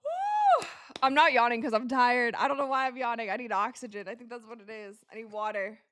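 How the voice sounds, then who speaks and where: A young woman hosting a live basketball watch party, calling plays excitedly and talking to her viewers. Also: fairly high pitch, fairly quick, dry recording, clean studio sound. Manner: excitable, reacts loudly to plays, talks to viewers as you guys. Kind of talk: live game commentary to chat.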